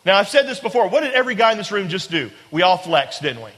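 A man's voice: high voice, big pitch swings, quick pace, a bit bright. A man preaching a sermon to a congregation, emphatic and repetitive, often asking rhetorical questions and speaking directly to the listeners. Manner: emphatic, repeats phrases, asks rhetorical questions. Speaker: pastor. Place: large room with a congregation. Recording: long hall reverb.

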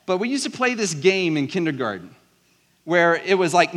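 A man's voice: a little high, fast. Southern man preaching in a reverberant hall. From South Georgia, US. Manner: conversational, lively preaching to a congregation. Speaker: pastor. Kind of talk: sermon.

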